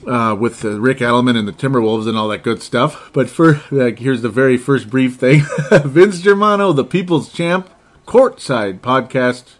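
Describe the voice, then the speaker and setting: A man co-hosting a casual sports podcast, rambling and laughing often between his points. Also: medium pitch. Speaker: podcast co-host.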